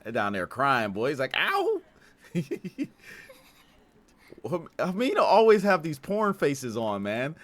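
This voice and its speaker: Man, anime reaction host, animated pitch, excitable, swears and laughs a lot, casual commentary. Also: measured pace. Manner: excitable, profane, laughs often.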